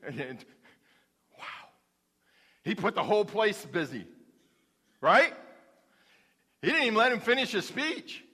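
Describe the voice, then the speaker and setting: Male pastor, folksy humorous sermon, high pitch, echoing sanctuary. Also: very animated, slow pace, pauses often, bright, forceful tone, breathy edge. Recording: long hall reverb.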